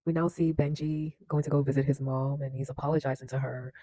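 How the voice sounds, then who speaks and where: A man with a mellow, warm voice talking through a movie scene by scene. He chats casually, laughing here and there and using lots of fillers. The sound is close and dry. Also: medium pitch, little pitch movement, quick pace, no echo, low-quality recording. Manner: chatty, leans on fillers, laughs often. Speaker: film reaction host. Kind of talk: casual movie recap and commentary.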